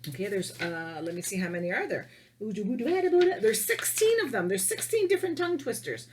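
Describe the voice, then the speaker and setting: A woman's voice: mid-range voice, big pitch swings, moderate pace, darkish tone, a little hiss or hum. A middle-aged woman teacher giving a playful video lesson to young children, laughing often and reading tongue twisters in a sing-song way.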